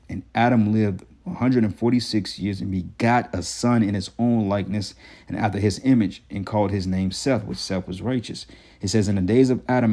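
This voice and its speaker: A man with a somewhat low voice reads scripture slowly and deliberately, leaning on single words. Between passages he turns blunt and profane, tagging his sentences with a quick "okay" or "man.". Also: mellow. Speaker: scripture teacher. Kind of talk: reading scripture aloud with heated commentary.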